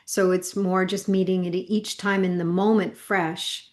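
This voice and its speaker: A woman co-hosting a spiritual session, talking in a calm, measured way. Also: lowish voice. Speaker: co-host and spiritual teacher. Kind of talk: spiritual talk.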